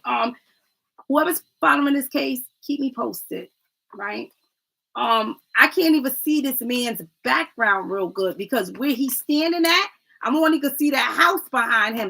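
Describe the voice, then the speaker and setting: A woman's voice: on the high side, gravelly, bright, forceful tone, slightly rough, rough recording. A woman doing a casual livestream oracle card reading, chatty and rambling, who often adds "right?", calls viewers "family" and stumbles over names.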